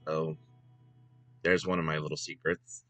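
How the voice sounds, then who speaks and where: A soft-spoken man in his thirties with a low, bright-edged voice, talking unhurriedly to the camera. He pauses often on fillers and restarts his sentences, while faint guitar music plays underneath. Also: level tone. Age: 30s. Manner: hesitant, many fillers and restarts. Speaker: vlogger. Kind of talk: casual chat to camera.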